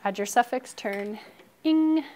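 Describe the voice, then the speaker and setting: Leading a phonics lesson in a classroom, a woman teacher with a voice on the high side calls out words and praises her pupils in a brisk, encouraging way. Now and then she whispers softly to a single child, and there's slight background noise.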